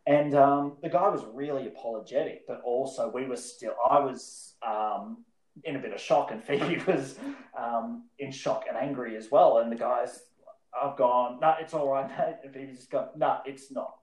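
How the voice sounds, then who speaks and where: A man's voice: mid-range voice, normal speed, darkish tone. A man telling a story as a podcast guest, rambling with many fillers and frequent laughter. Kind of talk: casual storytelling. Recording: roomy echo.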